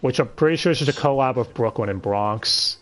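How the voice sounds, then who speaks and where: A man co-hosting a casual anime review podcast, talking in an animated, jokey way with sarcastic asides. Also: mid-range voice, a little fast, soft background music. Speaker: podcast co-host.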